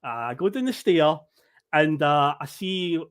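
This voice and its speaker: A man's voice: fairly high pitch, unhurried. A Scottish man in his thirties on a podcast, telling rambling travel anecdotes, acting out quotes and laughing often. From Scotland. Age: 30s. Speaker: podcast guest storyteller. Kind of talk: casual podcast chat.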